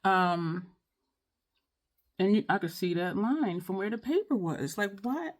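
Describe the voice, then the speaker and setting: A woman's voice: medium pitch, lively intonation, unhurried, noisy background. Frustrated rambling woman vlogger. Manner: frustrated, rambling, apologetic, repeats herself; sighs often, many fillers and restarts. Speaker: beauty vlogger. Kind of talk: casual makeup tutorial chat.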